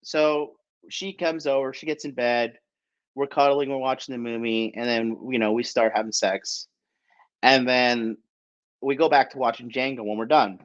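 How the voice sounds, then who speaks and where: A man's voice: medium pitch, steady tone, normal speed, highs cut off. A man from the United States hosts a podcast, telling a rambling story in a blunt, profane way and tagging his sentences with "right?". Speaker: podcast host. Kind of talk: casual storytelling.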